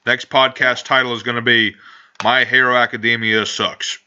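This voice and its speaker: A man's voice: mid-range voice, flat delivery, normal speed, bright, forceful tone, smooth. A man hosting a casual podcast, rambling and joking with frequent swearing. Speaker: podcast host. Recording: dull lo-fi home recording.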